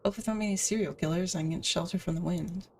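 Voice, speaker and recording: A woman's voice: lowish voice, quick pace, husky, far from the mic. A woman streamer reading a visual novel aloud, with casual asides between the narration.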